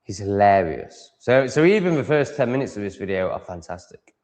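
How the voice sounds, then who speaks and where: A man's voice: lowish voice, very animated, brisk, a little mellow, in a large hall. A man with a Yorkshire accent, chatting casually on a livestream, rambling and often cutting himself off mid-sentence. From Yorkshire, England. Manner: rambling, self-interrupting, chatty. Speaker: livestream host.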